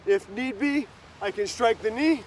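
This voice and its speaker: Man, high-pitched, martial arts instructor, calm upbeat explanations, outdoors. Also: a little slow, a little hiss or hum. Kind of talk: instructional talk with demonstration.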